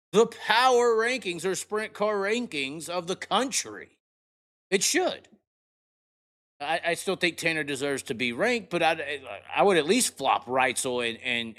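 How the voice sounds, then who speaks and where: A man hosting a live racing talk show, ranting brashly and cursing as he breaks down results. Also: medium pitch. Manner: brash, profane, excitable rants. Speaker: podcast host. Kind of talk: casual live show commentary.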